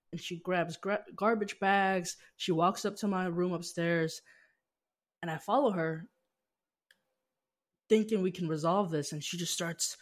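A man's voice: high-pitched, unhurried, long pauses. Young man telling stories with animation. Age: young adult. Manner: animated storyteller, acting out family dialogue. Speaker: guest. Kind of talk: podcast interview storytelling.

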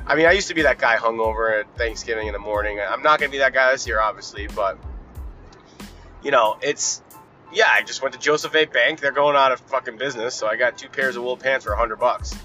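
A man's voice: medium pitch, a little fast, sharp tone, soft background music. A man hosting a podcast, talking casually from his car in a blunt, profane, rambling way. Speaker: podcast host. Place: in a car while driving.

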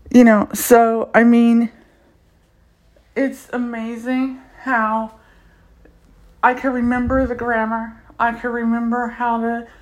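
A woman talking casually about a language course she enjoys, with plenty of fillers and restarts. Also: fairly high pitch. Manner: chatty, many fillers and restarts. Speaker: language learner reviewing a course. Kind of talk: casual spoken review.

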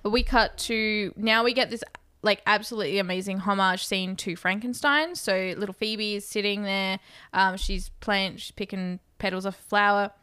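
A woman's voice: mid-range voice, steady tone, normal speed, pushed and bright, clear, resonant tone, dry recording. A woman co-hosting a casual movie recap, hesitant with many ums but matter-of-fact. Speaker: podcast co-host.

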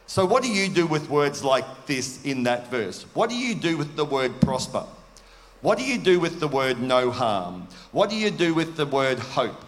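A man's voice: a little high, lively intonation, normal speed, a bit bright. A man preaching a sermon in an earnest, conversational way, asking his listeners questions. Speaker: pastor. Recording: long hall reverb.

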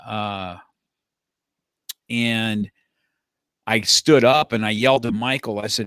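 A man's voice: lowish voice, steady tone, measured pace, pauses often, a bit bright, dry recording, clean studio sound. A middle-aged man and martial arts school owner talking in casual conversation, rambling with frequent restarts and easy laughter, recorded in his office.

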